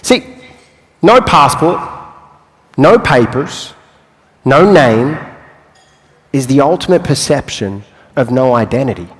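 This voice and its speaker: A young man giving a motivational talk on stage, telling his life story with long pauses and playful asides. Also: mid-range voice, animated. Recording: live hall with long reverb.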